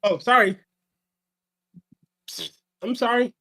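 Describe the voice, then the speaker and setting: A man's voice: extremely high pitch, fairly even intonation, takes it slowly, sharp tone. A man in casual podcast chat, rambling and stammering as he repeats his words. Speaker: podcast co-host.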